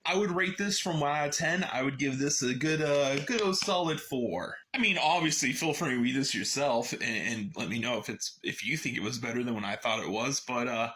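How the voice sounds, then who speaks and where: A man casually summarizing and reviewing a book in a sarcastic, animated way. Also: medium pitch, a little fast, hardly any pauses.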